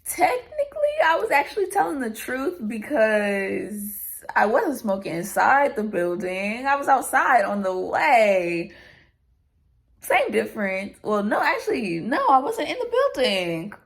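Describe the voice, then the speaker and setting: A young woman telling a story casually to camera, animated and slangy, swearing often. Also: on the high side, measured pace, gravelly. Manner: animated storytelling, acts out others' voices. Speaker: vlogger.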